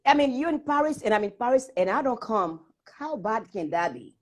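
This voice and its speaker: An older woman, a singer, chats animatedly in an interview, telling stories with laughter and acting out little quotes. Her voice sits a little high and she speaks a little fast, keeping the conversation lively and casual.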